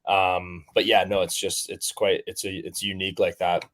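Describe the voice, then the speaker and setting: Young male athlete from Canada, deep voice, loose filler-heavy interview talk. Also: level tone, moderate pace, fairly bright tone. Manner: rambling, many fillers and restarts. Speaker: professional rugby player guest. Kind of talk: casual interview chat.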